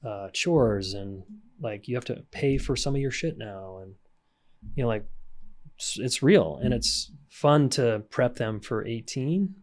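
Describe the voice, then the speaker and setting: In a podcast conversation, a male relationship coach with a medium-pitched voice speaks at a measured pace. He shares frank, hands-on guidance about raising children and repairing with them, animatedly performing the voices of parents.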